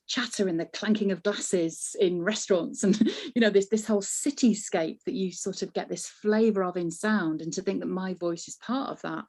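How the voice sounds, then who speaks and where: A woman with a Northern English Manchester accent, chatting as an interview guest, laughing often as she tells stories. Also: mid-range voice. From north of England. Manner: warm, laughs often, animated storytelling. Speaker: voiceover artist, guest. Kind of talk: casual interview chat.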